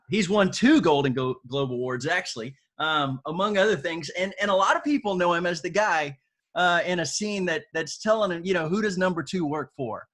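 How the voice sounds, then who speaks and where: A male co-host introduces the guest in a halting way, restarting phrases as he goes. His voice sits a little high for a man. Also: a bit bright. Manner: halting, repeats words.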